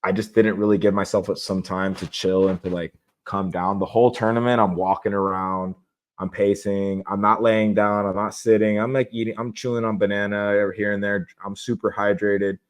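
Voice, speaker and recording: A young man as a podcast guest, talking candidly and casually about how he prepares for competition, with rambling restarts. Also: on the low side. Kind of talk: casual interview talk.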